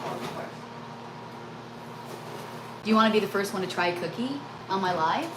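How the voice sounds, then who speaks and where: A woman's voice: medium pitch, animated, normal speed, noisy background. A middle-aged woman chatting casually during a live cooking stream at home, telling a rambling, emotional story. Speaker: cooking livestream host. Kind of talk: casual chat while baking live.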